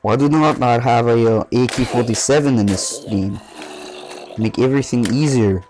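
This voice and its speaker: A man putting on a mock Russian accent as a deadpan, trash-talking gamer persona. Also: mid-range voice, moderate pace, faint music behind, close to an everyday voice, poor audio. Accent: put-on Russian.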